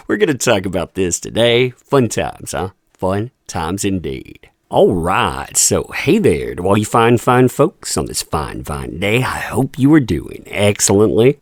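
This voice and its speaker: A man's voice: no room sound, clean studio sound. A man hosting a mocking news commentary show, sarcastic and laughing often as he talks. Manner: sarcastic, laughing often, big swings in pitch. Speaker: commentary channel host.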